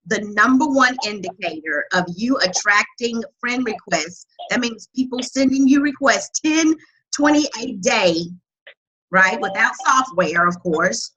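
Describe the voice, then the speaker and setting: Bright husky woman hosting a webinar. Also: fairly high pitch, poor audio. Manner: energetic, loud, reads out chat comments. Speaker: webinar host and coach. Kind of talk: live webinar teaching.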